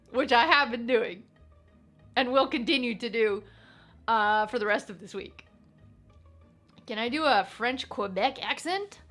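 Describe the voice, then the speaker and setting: A woman's voice: high-pitched, fairly bright tone. A woman hosting a casual live stream, playful and giggly, greeting her chat by name.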